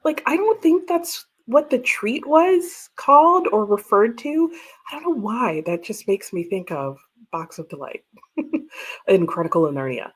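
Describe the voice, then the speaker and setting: Woman, livestream host, high-ish voice, chatty and quick to laugh. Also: very animated, breathy edge. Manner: chatty, laughs often, reads out viewer comments. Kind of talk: casual livestream chat. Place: home room with bookshelves.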